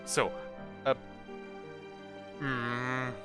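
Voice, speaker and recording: A man's voice: medium pitch, little pitch movement, drawn-out words, over music. A man commenting on a game as he plays it and reading its text aloud, chatty and thinking aloud. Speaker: let's play host.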